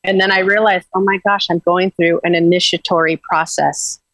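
A woman with a lowish voice talks earnestly and loosely about inner growth, restarting her sentences as she goes. The sound is dry and close, with little room around her. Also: steady tone, normal speed, a bit bright, no room sound, low-quality recording. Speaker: guest. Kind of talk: casual spiritual talk.

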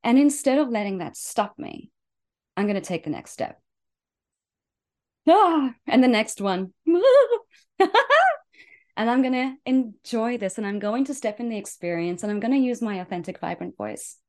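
A woman life coach hosting her own show, giving an enthusiastic motivational talk that swings between loud and soft. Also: medium pitch, fairly quick.

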